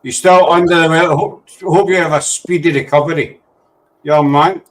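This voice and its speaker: A man's voice: on the high side, fairly even intonation, normal speed, slight background noise, rough recording. A man hosting a casual chat, rambling and easily sidetracked. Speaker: host.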